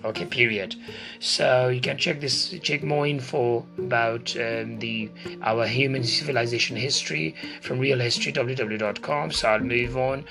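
A man's voice: medium pitch, steady tone, normal speed, creaky. A man from Asia giving a casual, informal lecture as a video host, chatty and hesitant with many fillers and asides. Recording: music playing behind.

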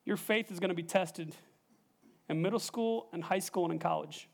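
Young male pastor with a high voice, preaching emphatically and putting questions to the congregation. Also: moderate pace, creaky. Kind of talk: sermon.

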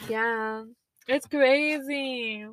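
A young woman guest in casual chat, reacting with drawn-out exclamations. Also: high-pitched, fairly even intonation, noisy background.

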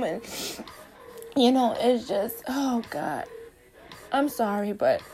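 A woman hosting her own podcast, speaking as a mother of a newborn in intensive care, delivering a personal late-night rant at her workplace in a halting, emotional, rambling way with many restarts. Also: fairly high pitch, very animated, mellow, soft background music, low-quality recording. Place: at her workplace while pumping.

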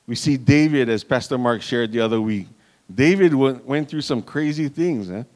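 A man's voice: medium pitch, normal speed, darkish tone. A man preaching a sermon in an earnest manner, calling out to the congregation and restarting phrases as he goes.

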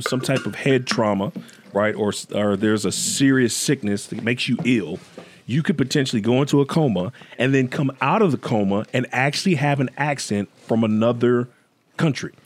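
A man hosting a casual podcast chat, telling stories in an animated way and joking around. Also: medium pitch, moderate pace, slight background noise. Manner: animated storyteller, jokes with put-on accents. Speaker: podcast host.

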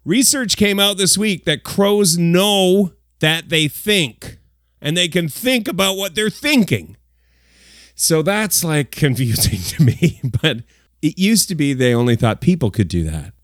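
Animated jokey man. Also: fairly high pitch, a little slow, no echo, clean studio sound. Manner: animated, jokey, exaggerated asides. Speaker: host of a countdown segment. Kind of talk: comedic news countdown.

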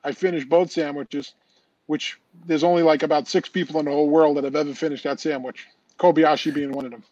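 A man's voice: fairly high pitch, fairly even intonation, fast talker, mellow, lo-fi sound. A man, a competitive eater telling stories and jokes as a podcast guest, talking over a remote call with many restarts. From Long Island, New York. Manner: rambling joke-telling with restarts. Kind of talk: casual storytelling on a podcast call.

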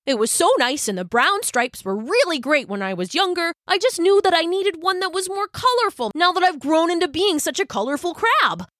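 A bubbly, excitable young male hermit crab in a children's storybook, voiced by a woman, pitched up high and chattering quickly. The sound is dry and close. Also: no echo. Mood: fond. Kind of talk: storybook reading.

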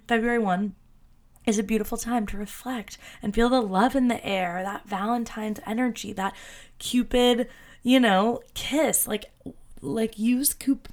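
A young adult woman hosting a solo podcast, talking casually and chattily with lots of fillers and excited self-quotes. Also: mid-range voice. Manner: bubbly, chatty, many fillers, quoting herself in excited voices. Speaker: podcast host.

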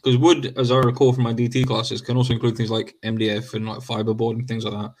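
A man talking over friends on a casual podcast, sweary and mock-solemn as he rambles. His voice sits at an ordinary middle pitch, unhurried and loose. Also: little pitch movement, darkish tone, slight background noise.

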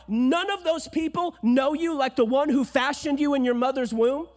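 High-voiced emphatic male preacher. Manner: emphatic, swinging from hushed to loud. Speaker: pastor. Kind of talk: sermon.

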